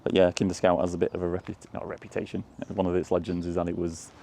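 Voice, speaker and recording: A walking tour vlogger rambles and chuckles through casual commentary outdoors among country fields and lanes. He speaks fast in a low, creaky, dark voice with a completely flat delivery, and there's slight hiss or hum.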